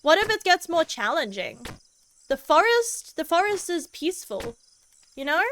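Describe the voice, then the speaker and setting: A woman's voice: very high-pitched, sing-song, normal speed, fairly bright tone, a little hiss or hum, low-quality recording. A woman streaming a game as a VTuber, chatting casually in a goofy, laid-back way and swearing freely.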